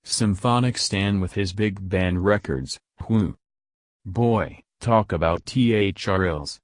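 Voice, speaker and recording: A man with a low voice playing a complaining, crooked boss in his forties in an audiobook, with dry sound. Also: slow, no room sound. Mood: grumbling. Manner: grumbling, complaining.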